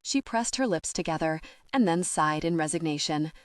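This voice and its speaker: A woman narrating a first-person audiobook in an expressive, measured way. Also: low-pitched, no echo, clean studio sound.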